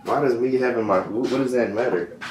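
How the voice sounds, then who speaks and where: A young man in a casual home prank vlog, pleading and teasing, recorded at home. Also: a little fast. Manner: pleading, teasing, big pitch swings. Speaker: vlogger. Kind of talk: casual prank video chat. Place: indoors at home. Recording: echoey room, distant mic, background noise.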